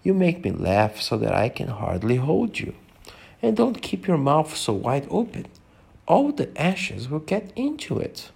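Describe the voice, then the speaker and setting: A curious, polite young girl from a storybook, read by a man in a gentle, lightly lifted voice. The voice has a gravelly edge and moves up and down freely. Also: on the high side, wildly swooping pitch, a little slow, pitched above the performer's own voice, full character voice. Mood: amused.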